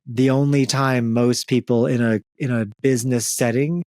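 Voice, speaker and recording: A man's voice: medium pitch, fairly even intonation, moderate pace, a little mellow. A young man hosting a comedic podcast, chatting casually with loose jokes, fillers and the odd curse. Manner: joking, loose, frequent fillers and profanity. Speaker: podcast host.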